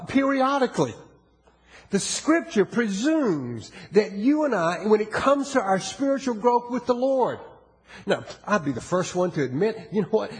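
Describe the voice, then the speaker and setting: A male pastor with a fairly high voice preaches in a loose, conversational way, often stopping to ask his listeners questions. His voice carries a long reverb from a large hall. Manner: conversational preaching, asks the congregation questions, frequent restarts; drops to a quiet, intimate tone in places. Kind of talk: sermon.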